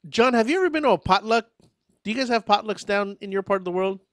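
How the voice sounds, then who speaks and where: A man's voice: high-pitched, expressive, fast talker, a bit bright, dry recording. A man co-hosting a talk radio show, joking and rambling, laughing often. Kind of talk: casual radio banter.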